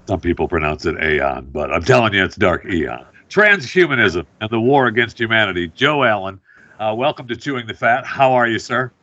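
Male radio host with a low voice; rambling, casual interviewer, slightly muffled lo-fi audio. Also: very animated, brisk, bright, forceful tone. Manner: rambling, many fillers and restarts.

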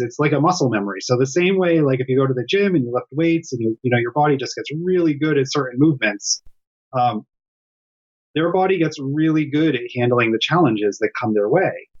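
Man explaining on a dull call line. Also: medium pitch. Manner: earnest, explanatory, laughs at home interruptions. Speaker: guest, developmental psychologist. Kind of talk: remote interview. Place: home during lockdown.

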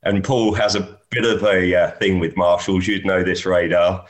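A man's voice: sits low, flat delivery, normal speed. A man, a golf caddy, telling anecdotes in a casual chat and often laughing as he talks.

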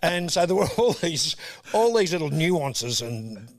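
An Australian man in his sixties telling stories as a guest, animated and often laughing. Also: a little high, unhurried. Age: 60s. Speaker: guest, comedian. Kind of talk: casual storytelling interview.

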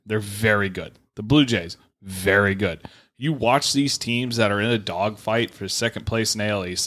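A man's voice: fairly low pitch, a bit bright. A man co-hosting a casual sports podcast, emphatic, swearing and repeating points for stress. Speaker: podcast co-host.

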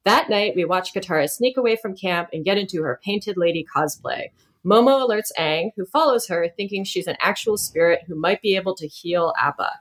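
A woman's voice: fairly low pitch, brisk. A woman co-hosting a podcast, recapping an episode in a conversational, somewhat hesitant way. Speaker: podcast co-host. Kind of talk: casual chat recapping an episode.

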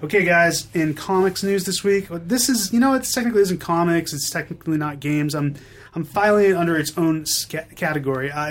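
A man hosting a podcast, running through news in a chatty, enthusiastic way with quick fillers. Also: on the high side. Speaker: podcast host. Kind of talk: upbeat news roundup.

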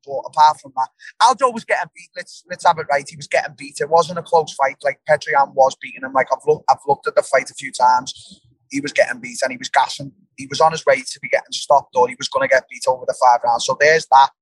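A man's voice: medium pitch, quick pace, fairly bright tone, breathy edge, no echo, rough recording. A young English man, a fighter, chatting bluntly in an interview, swearing freely and stumbling over repeated words. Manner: casual, blunt, swearing, lots of restarts and fillers. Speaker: fighter, guest. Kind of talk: casual interview chat.

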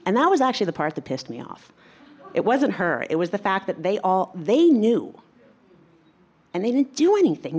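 A woman telling a personal story in a candid, animated way, acting out what other people said. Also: medium pitch, moderate pace, slightly rough. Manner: candid, animated, acts out quoted voices.

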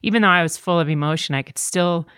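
Candid low-voiced woman, dry sound. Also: fast, smooth, no echo. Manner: candid, animated storytelling with quoted voices. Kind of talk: conversational podcast talk.

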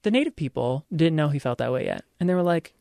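A woman's voice: low-pitched, lively intonation, fast, vocal fry, mellow, dry recording, studio quality. A woman hosting a casual chat podcast, playfully telling facts like a story and laughing often. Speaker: podcast host.

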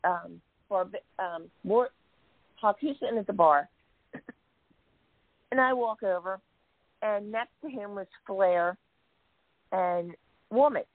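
A woman's voice: mid-range voice, slow pace, long pauses, no echo. A woman in casual chat, telling anecdotes and acting out the quoted people. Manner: storyteller, acts out quotes. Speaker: guest telling stories. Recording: dry, phone-like sound.

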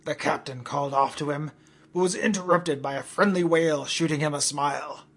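A man narrating a comic story in a deadpan storytelling manner. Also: a little high, brisk, breathy edge.

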